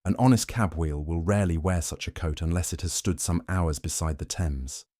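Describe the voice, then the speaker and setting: A man voicing Sherlock Holmes, a calm, keen-eyed detective who speaks in a smooth, measured, almost kind way. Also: sits low, dry recording, clean studio sound.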